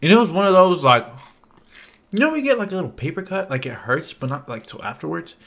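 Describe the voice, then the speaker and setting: A man's voice: fairly high pitch, big pitch swings, fast talker, fairly bright tone. A young adult man telling a casual storytime vlog, rambling and profane, with lots of "like" fillers. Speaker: vlogger.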